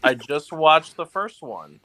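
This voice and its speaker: Lively man, higher pitch, rambling enthusiast, dry sound, casual film chat. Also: slow, no room sound. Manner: enthusiastic, rambling, restarts a lot. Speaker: guest.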